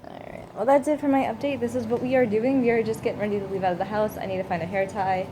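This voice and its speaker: In a home vlog recorded indoors, a mother speaks in a mid-range, steady voice at a fast clip against background noise. She talks casually, venting and playing out the characters in her stories.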